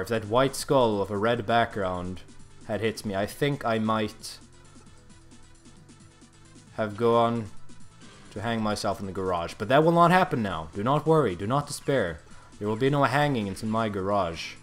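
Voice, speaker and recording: A young man giving comedic gameplay commentary in a mock-solemn, grandiose deadpan manner. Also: on the low side, moderate pace, faint music behind.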